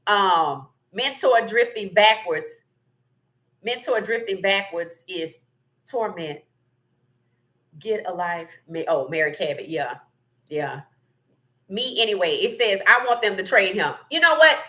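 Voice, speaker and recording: A woman's voice: mid-range voice, a little slow. Opinionated woman livestreaming sports takes. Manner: animated, opinionated, laughs often. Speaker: sports talk livestream host. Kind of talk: casual livestream commentary reading chat.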